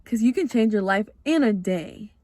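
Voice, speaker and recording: A woman's voice: mid-range voice, animated, normal speed, mellow, no echo. A young woman hosting her own podcast, telling a personal story in a confessional, casual way and often acting out her own past words. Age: young adult. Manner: chatty and confessional, heavy use of "like". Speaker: podcast host.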